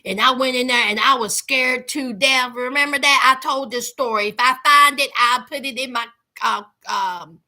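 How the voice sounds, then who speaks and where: Casting: woman, very high bright voice, unhurried, sassy recap host. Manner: sassy, animated storytelling with quoted voices. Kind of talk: casual commentary.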